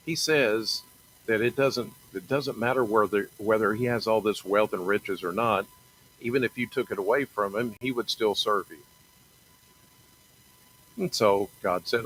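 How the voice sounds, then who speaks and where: A middle-aged man talking earnestly about his faith in a halting, personal monologue, often repeating and restarting phrases. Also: lowish voice, a bit bright, a little hiss or hum, low-quality recording. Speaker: TV meteorologist sharing faith talk.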